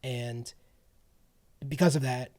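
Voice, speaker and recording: A man's voice: medium pitch, fairly even intonation, takes it slowly, a little mellow. A man co-hosting a podcast, retelling a film plot in a wry, casual way, laughing often and trailing off with ums. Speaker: podcast co-host. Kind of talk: casual film-review chat.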